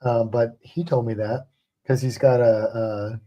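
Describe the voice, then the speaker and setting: A woman's voice: rumbling low, steady tone, a little slow, mellow. A woman co-hosting a casual home livestream, chatty and teasing, greeting viewers by name from a home podcast studio. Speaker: co-host of a livestream about pets.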